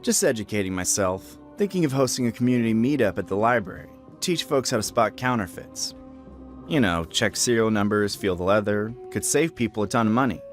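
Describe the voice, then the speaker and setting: A man's voice: lowish voice, lively intonation, a little fast, soft background music, pitched above the performer's own voice, natural voice. A man voicing a lonely, awkward man who is earnest and lovestruck and pleads desperately. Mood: eager.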